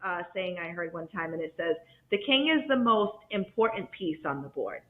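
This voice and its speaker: A woman's voice: lowish voice, expressive, moderate pace. A woman co-hosting a casual chat, affirming her partner and teasing playfully. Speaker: co-host. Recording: dull, roomy sound.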